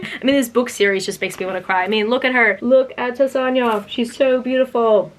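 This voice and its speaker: A woman showing off her book haul in a casual vlog, gushing and excitable, her voice jumping up high whenever she gets thrilled. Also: a little fast, few pauses, a little hiss or hum. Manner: gushing, excitable, pitch leaps up when thrilled. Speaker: book vlogger.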